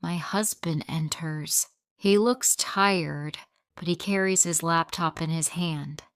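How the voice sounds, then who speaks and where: A woman reads a graded English story aloud at a very slow, even pace, in a smooth, clear, slightly low voice. The recording is dry and close, with no room sound at all. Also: no room sound. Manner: slow, plain, evenly paced reading. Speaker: narrator.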